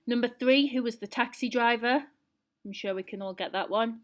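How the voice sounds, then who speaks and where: A woman's voice: on the high side, moderate pace. A woman teacher reading a novel aloud to her pupils and setting quiz questions. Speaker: primary school teacher.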